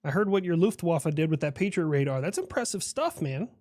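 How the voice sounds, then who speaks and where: A boastful personified America. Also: male voice, fairly high pitch, big pitch swings, fairly quick, noisy background. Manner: boastful, explains at length. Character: proud personified United States, male, lecturing. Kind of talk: comedic animated skit dialogue.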